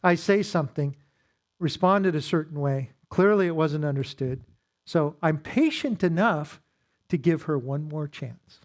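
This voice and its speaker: A man's voice: a little high, expressive, a little slow. A man leading a church marriage seminar, teaching in a conversational way with self-deprecating humor and acted-out quotes.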